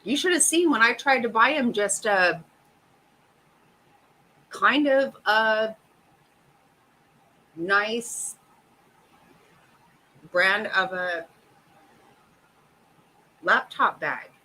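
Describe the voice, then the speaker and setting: A woman's voice: on the high side, extremely slow, long pauses, pushed and bright, rough recording. A middle-aged woman hosting a casual chat, profane and exasperated, laughing often. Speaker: host.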